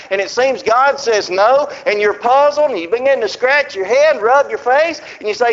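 A man's voice: very high-pitched, lively intonation, moderate pace, hardly any pauses, a bit bright. A man preaching a sermon, telling a folksy story and acting out its little scenes. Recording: muffled lo-fi recording.

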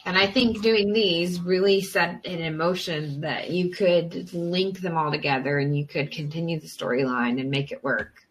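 A woman's voice: lowish voice, steady tone, normal speed, few pauses, poor audio. A woman co-hosting a podcast, chatting casually with many fillers as she thinks aloud. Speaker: podcast co-host. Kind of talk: casual chat during a movie watch-along.

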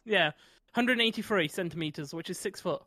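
A man's voice: sits high, normal speed, pushed and bright, dry recording, studio quality. A man chatting on a podcast, stopping and searching for his words. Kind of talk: casual chat.

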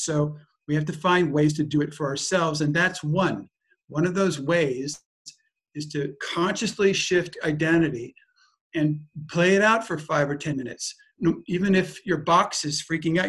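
A man leading a personal growth workshop, speaking in an emphatic, repetitive way. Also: on the high side. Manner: emphatic, repetitive, circling phrasing. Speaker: workshop leader. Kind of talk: teaching a group.

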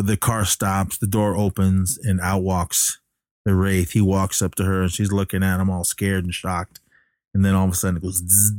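A man's voice: deep voice, darkish tone, dry recording, clean studio sound. A man casually retelling a movie plot, rambling with lots of fillers. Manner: rambling, filler-heavy storytelling.

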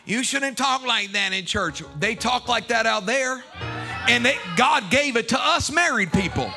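A man preaching a sermon as bishop at a church service, shouting and singing phrases, calling for responses from the congregation and joking between points. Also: very high voice, animated, unhurried, gravelly. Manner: playful joking asides. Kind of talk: sermon with sung refrains. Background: music playing.

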